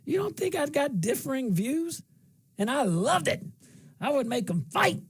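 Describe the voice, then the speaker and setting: A middle-aged talk show host from central Louisiana, with a slight twang, speaks in a very high-pitched, very animated voice at normal speed. His monologue is folksy and rambling, repeating phrases for emphasis.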